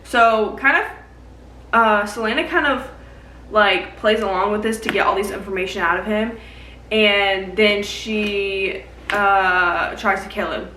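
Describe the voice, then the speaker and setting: A woman's voice: mid-range voice, steady tone, a little slow, pushed and bright, reverberant, far from the mic, slight background noise, poor audio. A young woman casually recapping a book she read, rambling with lots of "like" and plenty of swearing. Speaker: book vlogger.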